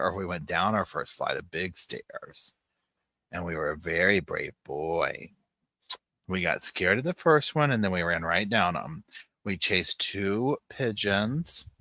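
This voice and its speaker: A low-pitched man chats casually on a home livestream, often dropping into soft cooing as he fusses over his puppies. His voice is bright and forceful, and the sound is close and dry. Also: dry recording. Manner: chatty, coos softly to his puppies. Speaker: livestream host.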